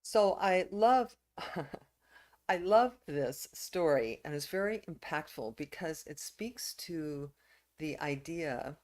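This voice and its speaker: A woman minister preaching a reflective sermon, pausing with fillers and restarts. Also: deep voice, expressive, darkish tone.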